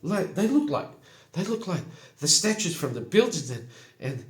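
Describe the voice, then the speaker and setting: A man voicing a frightened male butcher who stammers and begs in a high, panicked voice. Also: very animated, moderate pace. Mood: flustered, grateful. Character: terrified pleading male butcher. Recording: echoey room.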